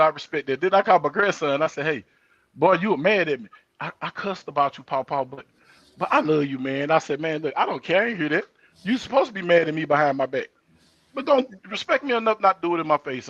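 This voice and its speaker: This older talk show host talks fast in a slightly high voice; the recording is muffled but echo-free. On his casual live show he spins animated stories, voicing the quoted lines of each character.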